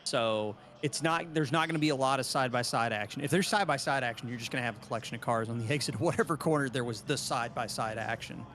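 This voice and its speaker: A man's voice: mid-range voice, fast talker, hardly any pauses, a bit bright. A man co-casting a sim racing broadcast, talking through track strategy in a casual, chatty way. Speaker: co-caster.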